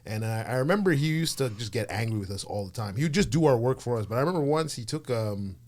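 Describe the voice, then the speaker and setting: A man appearing as a podcast guest, talking quickly but in halting bursts, often restarting his sentences. His voice has a middle pitch. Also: expressive. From Montreal's West Island. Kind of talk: casual chat.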